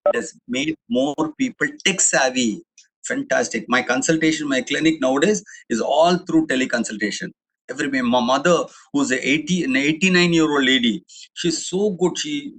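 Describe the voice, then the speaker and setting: A middle-aged man with an Indian English accent gives a chatty, digressive webinar talk, an anecdotal public talk full of restarts and fillers. His mid-range voice is creaky, fairly bright and slightly rough, and the recording itself is rough.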